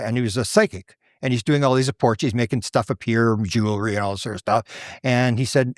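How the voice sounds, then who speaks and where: A man's voice: mid-range voice, no echo, studio quality. An older man, a guest researcher, telling stories in a casual chat and acting out the people he quotes. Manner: animated, acts out the voices in his stories. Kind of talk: casual conversational storytelling.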